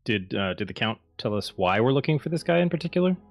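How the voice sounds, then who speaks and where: A man's voice: medium pitch, fast talker, gravelly. A man playing in a tabletop game, chatting casually and asking clarifying questions. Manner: relaxed, asks clarifying questions. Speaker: player. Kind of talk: casual chat.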